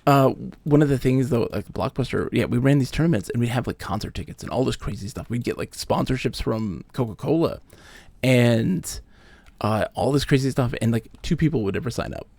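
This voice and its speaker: A man in his late thirties, a streamer telling casual stories while he plays a game, animated, acting out the people he quotes and swearing casually. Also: medium pitch, fairly quick, vocal fry, no echo. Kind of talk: casual storytelling while gaming. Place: home streaming setup.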